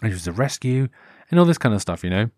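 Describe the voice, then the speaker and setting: A British man records a solo podcast, an unscripted monologue delivered fast in a fairly low voice. He rambles, often corrects himself, and perks up with animated put-on voices when acting things out, using a wired headphone mic with clean studio sound and no room echo.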